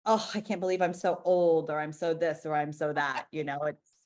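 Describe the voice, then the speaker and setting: A woman's voice: deep voice, moderate pace, a little mellow. Frank, emphatic woman in her forties. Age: 40s. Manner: frank and emphatic, restarts often, swears. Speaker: interview guest, business founder. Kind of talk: candid conversational interview.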